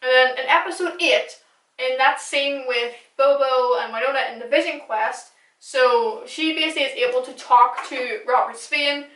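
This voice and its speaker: In a somewhat bright, high-sitting voice and at an easy moderate pace, a young female recap vlogger gushes her way through a chatty fan monologue, swearing casually here and there. The mic is set back in an echoey room.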